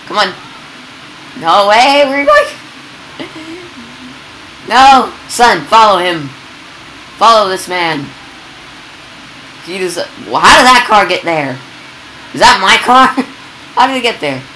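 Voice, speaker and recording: Excitable woman gamer narrating play; bright voice, slow pace. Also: mid-range voice, slight background noise, rough recording. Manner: excitable, yelps and laughs at chaos. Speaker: gameplay commentator. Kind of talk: casual game commentary.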